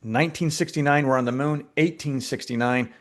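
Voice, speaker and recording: A filmmaker being interviewed, telling stories in a lively, conversational way with frequent fillers and restarts. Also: male voice, mid-range voice, fairly quick. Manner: animated storyteller, many restarts and fillers. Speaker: filmmaker guest.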